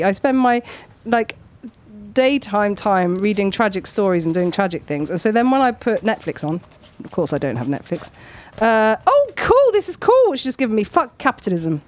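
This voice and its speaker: Casual talk-show host, woman from Northamptonshire, animated, sweary, quick to laugh. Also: mid-range voice. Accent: Northamptonshire English. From England. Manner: lively, swears freely, laughs often. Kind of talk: casual chat.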